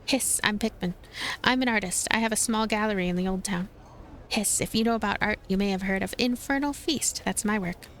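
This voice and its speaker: A man's voice: high-pitched, a little fast, fairly bright tone, rough recording. A woman voicing a creepy male iguana artist in prison, who hisses and speaks with unsettling politeness. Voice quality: hissing.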